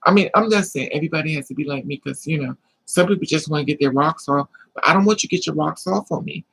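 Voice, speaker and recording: A woman's voice: low voice, quick pace, gravelly, fairly bright tone, breathy edge, low-quality recording. A middle-aged woman chatting casually to her livestream viewers, sassy and emphatic, repeating her lines and calling people honey. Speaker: livestream host.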